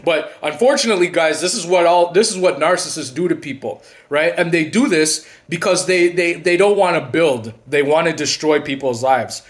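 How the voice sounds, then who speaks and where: A man hosting his own channel, talking casually to camera in a rambling way with many restarts, and going quiet and low when he retells conversations. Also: moderate pace, hardly any pauses. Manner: rambling, restarts and repeats words often. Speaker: channel host and narcissism coach.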